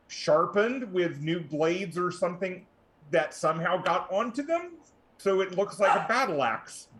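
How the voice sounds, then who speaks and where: A man, a player in a tabletop game, describing his character in relaxed, rambling sentences with fillers. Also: fairly high pitch.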